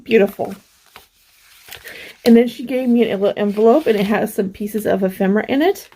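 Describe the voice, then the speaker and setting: A middle-aged woman hosting a craft vlog, gently showing off mail she received and gushing over each piece. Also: mid-range voice, low-quality recording. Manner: slow, gentle, gushing over small things. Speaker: craft channel host. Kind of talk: casual show-and-tell vlog.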